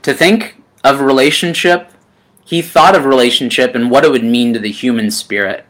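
A man preaching a sermon in a gentle, unhurried way, calling his listeners friend and pausing with ums. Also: medium pitch. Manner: unhurried with frequent ums and pauses.

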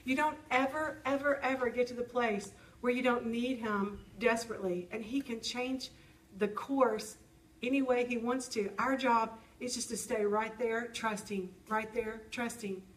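A woman's voice: on the high side, fairly even intonation, unhurried. Earnest woman preaching from a distance. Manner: earnest, personal testimony with acted-out prayers. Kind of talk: sermon.

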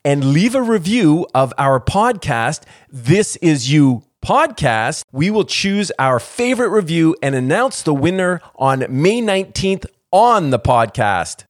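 A man's voice: on the high side, a little slow, dry recording. Wisecracking man podcast co-host. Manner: jokey, deadpan wisecracks and silly guesses. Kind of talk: casual podcast chat.

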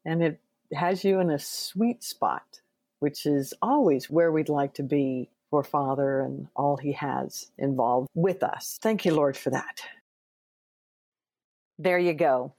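Low-voiced woman hosting a podcast. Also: slow, dry recording. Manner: gentle, encouraging, reflective. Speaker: podcast host. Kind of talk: podcast host sign-off.

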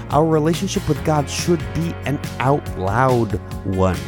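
A man, a podcast host, reading psalms aloud in an expressive, dramatic way and then giving a short thought. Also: medium pitch, unhurried, music in the background. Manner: dramatic, swelling on exclamations.

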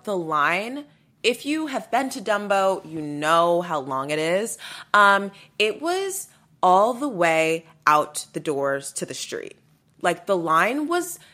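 A woman hosting a podcast, telling a story in a blunt, animated, casual way and swearing freely. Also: fairly low pitch. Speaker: podcast host.

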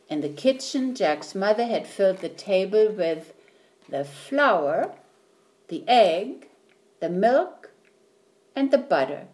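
A woman reading a children's story aloud, slowly and clearly. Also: medium pitch, a little mellow. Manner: slow, clear, deliberate reading.

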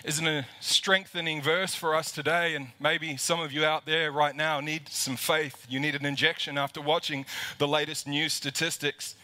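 As lead pastor, a man preaches a livestreamed sermon to a camera in an empty church auditorium. His fairly high, sharp voice stays level at a moderate pace, yet he's impassioned, repeating words to build emphasis.

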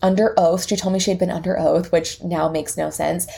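A young woman hosting a podcast, telling a personal story in a lively way and acting out the dialogue. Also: on the low side, fairly quick, gravelly. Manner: lively retelling that acts out quoted dialogue. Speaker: podcast host and salon owner. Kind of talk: casual storytelling.

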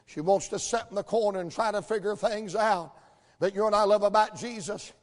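A man preaching a folksy sermon in a church, telling the story with energy and building to shouts. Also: high voice, a little fast. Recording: long hall reverb.

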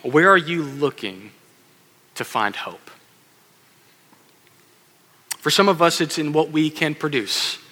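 A man preaching a lively sermon, acting out the voices in his stories and calling on the kids in the room. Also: fairly high pitch, slow, long pauses. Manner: animated, acts out quoted voices, addresses kids in audience. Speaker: pastor. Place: church sanctuary. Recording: long hall reverb.

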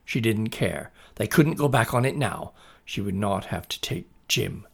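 A male storyteller reads a children's tale aloud slowly and deliberately, taking his time over each sentence. His mid-range voice is gravelly and full of creak, yet expressive.

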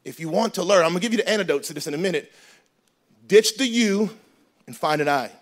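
A man preaching a sermon as pastor in a church, animated and joking, switching between loud emphasis and quiet asides. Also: sits high, fast talker. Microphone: handheld microphone.

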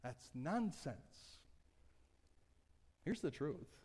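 A man preaching a sermon as pastor, with humor, moving between soft conversational asides and loud emphatic passages. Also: a little high, sing-song, very slow, husky. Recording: long church hall reverb.

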